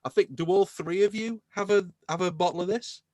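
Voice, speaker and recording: A man's voice: sits high, fairly quick, no echo. A man hosting a podcast in casual chat, enthusing about beer. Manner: enthusiastic, animated beer talk. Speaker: podcast host.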